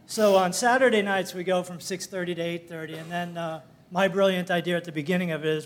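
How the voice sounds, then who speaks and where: A man's voice: high voice, steady tone, fast talker, hardly any pauses. An older man sharing a rambling, folksy church testimony, full of fillers and little laughs. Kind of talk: casual storytelling testimony.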